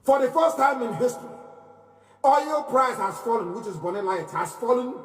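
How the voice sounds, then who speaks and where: A man giving an impassioned live speech, repeating phrases in a preaching cadence and moving from loud declarations to low murmurs. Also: animated, normal speed, roomy sound, in a large hall, recorded from a distance. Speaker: movement leader giving a live broadcast.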